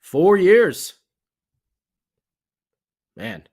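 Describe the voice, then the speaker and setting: A man co-hosting a casual sports podcast, excitable and rambling, with lots of fillers. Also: sits high, extremely slow, long pauses. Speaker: podcast co-host.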